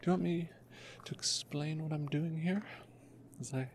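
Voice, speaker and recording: A man making his first ASMR video, talking in a soft, half-whispered voice that is hushed and self-mocking, and often apologizing. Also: on the high side, measured pace, a little hiss or hum. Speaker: ASMR creator.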